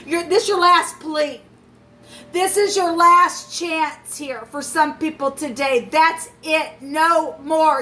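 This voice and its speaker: A woman's voice: high-pitched, pushed and bright, a little hiss or hum, rough recording. A woman giving a tarot reading, urging her viewers with emphatic, repeated exhortations and religious warnings. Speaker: tarot reader.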